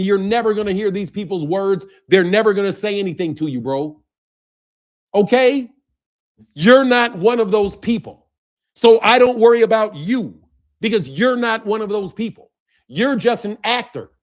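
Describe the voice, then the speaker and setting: A man hosting a boxing channel, delivering a heated, profane, mocking rant, laughing between lines and repeating himself. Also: high voice.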